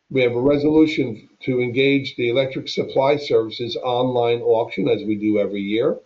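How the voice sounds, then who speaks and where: A man reading his monthly report at a public meeting, listing items one by one. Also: mid-range voice. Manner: lists items plainly. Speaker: staff member giving monthly report. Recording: dull lo-fi meeting audio.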